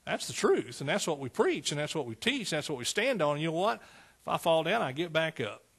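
A man's voice: on the high side, big pitch swings, brisk, fairly bright tone, breathy edge. A man preaching a fervent sermon, calling out to his congregation.

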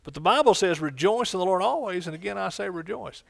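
Exuberant preacher, raised pitch. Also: male voice, lively intonation, quick pace, vocal fry. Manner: exuberant, bursts of shouted exclamations. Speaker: pastor. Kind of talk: sermon.

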